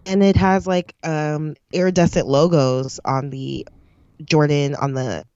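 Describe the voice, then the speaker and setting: Low-voiced woman, dull lo-fi sound. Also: measured pace, smooth, dry recording. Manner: relaxed, slangy and upbeat. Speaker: co-host. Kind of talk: casual chat.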